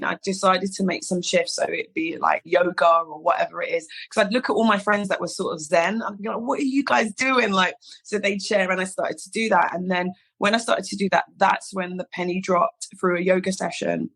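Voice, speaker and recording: A woman, a podcast guest telling a personal story in casual chat, acting out the dialogue. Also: mid-range voice. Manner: animated storyteller, acts out quoted dialogue, many "like"s. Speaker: podcast guest, hairstylist founder.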